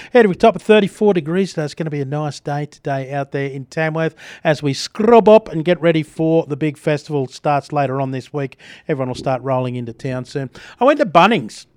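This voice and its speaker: A middle-aged Australian man hosts breakfast radio from a studio, telling chatty stories and reading the news while chuckling often. His voice is on the high side, with no echo.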